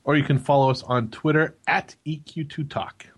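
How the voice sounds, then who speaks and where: A man's voice: on the high side, steady tone, normal speed. A man co-hosting a gaming podcast, teasing his co-host in casual banter with chuckles.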